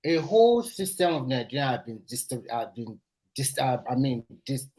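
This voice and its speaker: A man arguing as a panel guest on an online political call, his voice at a middling pitch. He often stumbles and restarts words, then presses on with his point. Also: big pitch swings, crowd noise, poor audio. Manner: halting, restarts words, argues steadily. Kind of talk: heated political panel discussion.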